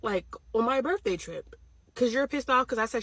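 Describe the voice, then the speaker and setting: Young-sounding woman vlogger, a touch high, breathy and husky, rapid blunt storytelling with lots of cursing, dry close sound. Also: animated, fairly bright tone, no room sound. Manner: blunt, profane, heated storytelling. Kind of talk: casual storytime rant.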